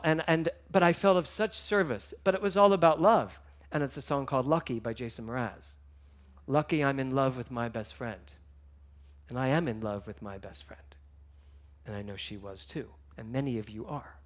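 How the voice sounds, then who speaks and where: A man giving a sermon, telling stories with emotion, moving between hushed and loud passages. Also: fairly high pitch, animated, normal speed. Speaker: minister.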